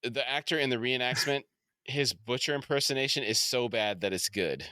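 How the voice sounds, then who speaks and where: Bright-voiced man recapping on a podcast. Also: mid-range voice, moderate pace, clean tone, no room sound. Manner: recaps episode scenes in detail, laughs easily. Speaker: podcast co-host. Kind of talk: casual podcast recap chat.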